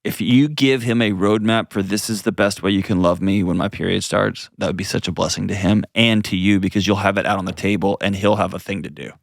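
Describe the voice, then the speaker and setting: A man hosting an advice call-in show, talking in an earnest, gently coaching way and often restarting his sentences. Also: low-pitched, fairly even intonation, a little fast, vocal fry, hardly any pauses, no echo, studio quality. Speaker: host.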